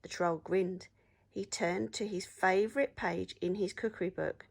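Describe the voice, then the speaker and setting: A woman's voice: medium pitch, steady tone, measured pace, creaky, breathy edge. A woman teacher reading a picture book aloud to children, then asking the class questions about the story. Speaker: primary school teacher.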